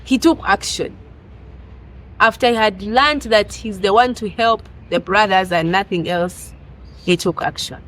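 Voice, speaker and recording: A woman's voice: medium pitch, a little slow, fairly bright tone, poor audio. A woman with a non-native English accent giving an earnest, exhorting motivational sermon full of rhetorical questions. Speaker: preacher.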